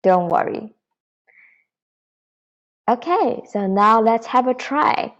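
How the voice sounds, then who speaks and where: A woman teaching a beginner Mandarin lesson, patiently and clearly demonstrating tones. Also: fairly high pitch, animated, slow, fairly bright tone, dull audio.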